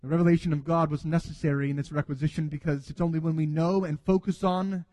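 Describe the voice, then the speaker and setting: High-voiced preaching man with a reverberant sound. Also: fairly even intonation, fast talker, warm tone. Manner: earnest preaching, acting out quoted dialogue. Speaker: pastor. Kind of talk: sermon.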